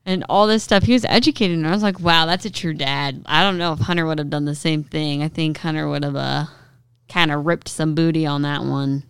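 A young woman co-hosting a hunting podcast, telling a story in a lively casual way and acting out what people said. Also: low voice, fairly quick, smooth, no echo, clean studio sound. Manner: animated retelling with quoted voices. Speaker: podcast co-host.

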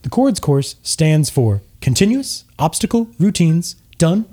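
A man putting on a bright, peppy male half-elf pitching his resort in a tabletop game commercial, his voice pushed well above his own. He sells it hard and cheerfully. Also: very animated, a little slow. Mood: upbeat salesy.

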